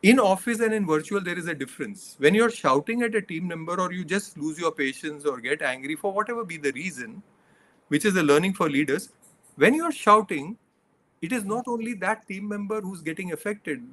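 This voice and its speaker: A man's voice: high voice, expressive, a little fast, fairly bright tone, slight background noise. A middle-aged man, a leadership coach, giving earnest interview answers that he builds from examples and numbered points.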